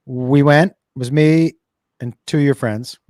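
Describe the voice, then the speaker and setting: A man's voice: mid-range voice, measured pace, no room sound, studio quality. A middle-aged man co-hosting a podcast, swearing freely and acting out dialogue as he tells stories. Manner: lively, swearing, acts out dialogue. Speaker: podcast co-host. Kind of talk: casual storytelling chat.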